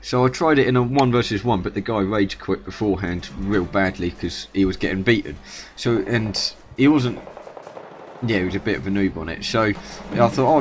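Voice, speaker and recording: A man's voice: lowish voice, noisy background. A man casually commentating his own strategy game match, rambling and correcting himself as he goes. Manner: rambling, self-correcting, chatty. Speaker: gaming YouTuber. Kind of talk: gameplay commentary.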